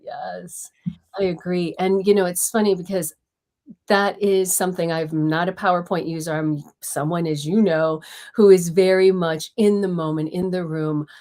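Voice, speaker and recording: A woman's voice: fairly low pitch, moderate pace. A woman co-hosting a casual podcast, speaking expressively and emphatically with lots of inflection. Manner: expressive, emphatic, talks with her hands. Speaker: podcast co-host.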